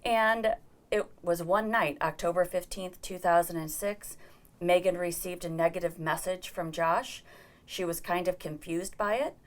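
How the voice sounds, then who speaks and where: Earnest middle-aged woman, low voice. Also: steady tone, a little slow. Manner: earnest storytelling, acting out quoted dialogue. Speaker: interview guest. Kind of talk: personal account in an interview.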